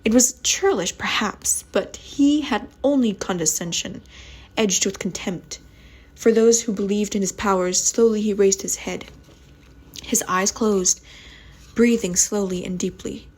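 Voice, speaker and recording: A woman reads a spooky story aloud at home in a soft, breathy voice. Her pitch sits in an ordinary middle range. She stumbles over words and restarts them, keeping the reading casual. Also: unhurried. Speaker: ASMR channel host reading aloud.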